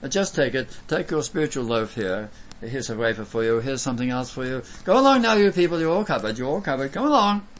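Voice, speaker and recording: A man's voice: mid-range voice, expressive, fast talker, lightly acted. A man doing a glib, dismissive man hurrying people along. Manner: dismissive, brushing off questions.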